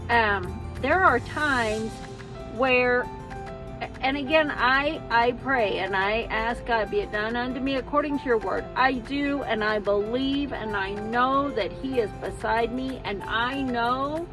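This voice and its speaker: Woman, middle-aged, candid vlogger, a little high-pitched, music playing in the background. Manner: frank, venting, then pep-talking. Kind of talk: casual vlog, talking to camera while walking.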